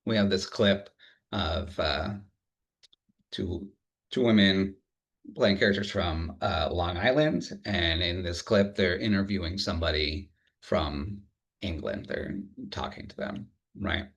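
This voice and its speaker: A man with a somewhat low voice, lecturing in a relaxed, good-humored way. He pauses often and restarts phrases as he thinks aloud. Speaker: university lecturer. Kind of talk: academic lecture.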